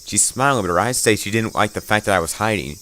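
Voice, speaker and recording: A man reads a game's story aloud for a let's play, tense and dramatic, now and then tripping over words or adding a dry aside. His voice sits a little low. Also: fast talker, bright, forceful tone, slight background noise. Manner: tense reading with stumbles and asides. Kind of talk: dramatic reading of game text.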